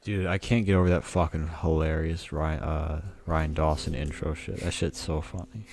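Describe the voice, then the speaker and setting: A man's voice: extremely low pitch, fairly even intonation, creaky, a little mellow. A man co-hosting a podcast in casual chat, swearing freely and rambling as he jokes around. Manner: profane, rambling, quick to joke. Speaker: podcast co-host.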